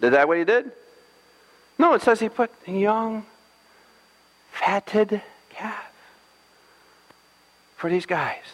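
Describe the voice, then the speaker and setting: A man's voice: high-pitched, lively intonation, slow pace, long pauses, big-room sound, low-quality recording. A man pastor giving a sermon, telling a scripture story playfully with jokes and acted-out lines.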